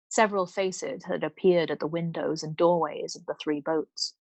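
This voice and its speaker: A woman storyteller reading a novel aloud in a calm, measured way. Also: low-pitched, creaky, no room sound. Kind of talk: bedtime book reading.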